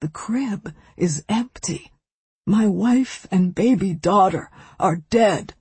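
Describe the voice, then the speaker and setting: A woman voicing a grieving young widowed father who swings into raw anger, in an audiobook, with a very husky voice. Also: medium pitch, slow, a little mellow, no room sound.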